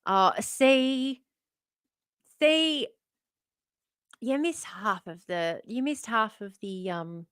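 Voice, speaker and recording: A woman's voice: fairly high pitch, expressive, drawn-out words, pauses often, fairly bright tone, smooth, no echo, clean studio sound. A woman, live streaming in casual chat, losing her voice, chatty and self-mocking, swearing freely. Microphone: phone.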